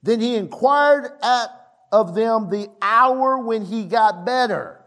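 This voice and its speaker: A man preaching a sermon as pastor, emphatic, slowing down on key phrases and swinging high for emphasis. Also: a bit bright.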